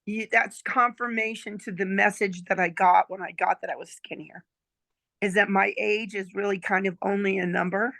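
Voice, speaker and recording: Chatty grandmother in her sixties, gravelly. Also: medium pitch, steady tone, normal speed, fairly bright tone, no room sound. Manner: chatty, checks in with "okay?" and "right?". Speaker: client giving a testimonial. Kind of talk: casual storytelling chat.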